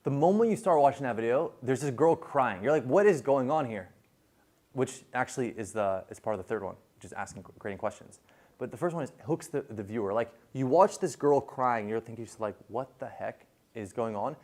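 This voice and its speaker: A man's voice: medium pitch, expressive, fairly quick, darkish tone. A man giving a casual classroom lecture on viral video, chatty, with many fillers and restarts.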